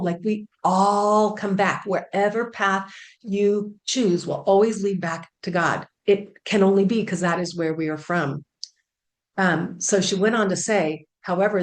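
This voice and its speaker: A woman with a fairly low voice talks through a channeled spiritual message. She speaks in an earnest, soft way, repeating phrases and pausing on fillers. The room around her sounds echoey. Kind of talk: casual spiritual talk relaying channeled messages.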